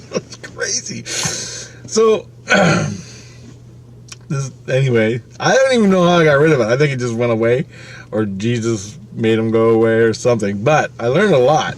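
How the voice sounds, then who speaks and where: A man tells a long personal story in a loose, rambling way, swearing freely and often tossing in "right?" and "you know". His voice sits at an ordinary mid pitch. Faint noise can be heard behind him. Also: very animated, normal speed, long pauses. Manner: rambling, profane, with frequent "right?" asides. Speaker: vlogger. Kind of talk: casual storytelling.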